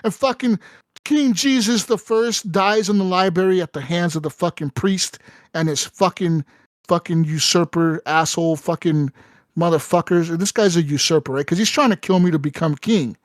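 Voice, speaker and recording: A man hosting a casual podcast, telling a story animatedly with lots of swearing and "right?" fillers. His voice sits a little higher than average. The recording is dry and close. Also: moderate pace, no echo. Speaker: podcast host. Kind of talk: casual chat.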